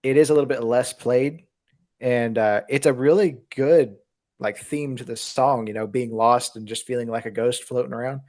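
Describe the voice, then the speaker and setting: Male podcast guest, mid pitch, easygoing, dry humor, casual chat. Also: steady tone, normal speed, a little mellow.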